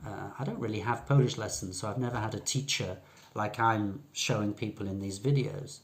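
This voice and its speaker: A man's voice: fairly low pitch, brisk. An older English man with a British accent, an English teacher telling a story in a chatty, rambling way. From England. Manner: chatty, rambling, with fillers and restarts. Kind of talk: casual storytelling lesson.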